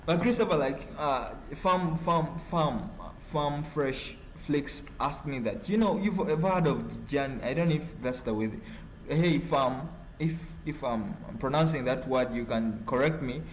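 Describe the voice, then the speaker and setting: A man from Uganda with a Ugandan accent, hosting a casual live stream and reading chat messages in a halting, rambling way full of fillers. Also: a little high, a little hiss or hum, rough recording.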